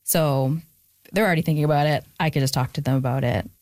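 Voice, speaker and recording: A woman's voice: low-pitched, fast, a little mellow, no room sound. A young adult woman, an author being interviewed, talking reflectively with frequent fillers and restarts. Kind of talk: candid conversational interview.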